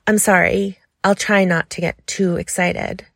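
Woman voicing a nervous young man, stammering, hurried, polite, slightly higher, gravelly edge, dry close sound. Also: fairly even intonation, no echo. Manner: jumpy, stammering, says ma'am.

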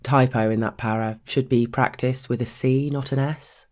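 A man's voice: mid-range voice, steady tone, moderate pace, darkish tone, lightly acted. A man voicing a domineering male office boss who gives clipped, commanding orders. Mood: curt, commanding.

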